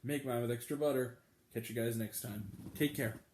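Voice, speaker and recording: A man's voice: mid-range voice, fairly even intonation, normal speed, a little mellow, echoey room. A man hosting a movie review video, chatty and enthusiastic, with bursts of swearing. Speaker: movie review channel host. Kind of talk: casual talk-to-camera review vlog.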